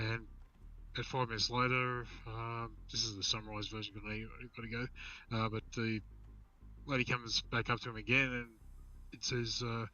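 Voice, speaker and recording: A man's voice: mid-range voice, flat delivery, moderate pace, pushed and bright, distant mic, dull audio, faint music behind. A man on a live stream telling a long joke in a rambling, casual way. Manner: rambling storyteller, restarts and fillers. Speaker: caller on a stream.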